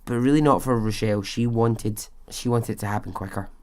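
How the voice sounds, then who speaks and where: A man hosts a podcast where he narrates a true story in a casual, chatty way, with conversational asides and lots of fillers, especially "you know." His voice is fairly low and he talks fairly quickly.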